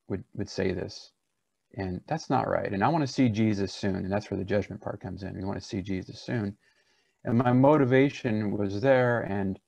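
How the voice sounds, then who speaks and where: A man with a low, gravelly voice teaches a preaching seminar. He talks in an earnest, conversational way and often restarts his sentences. The recording is dry and a little dull. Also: darkish tone, dry recording.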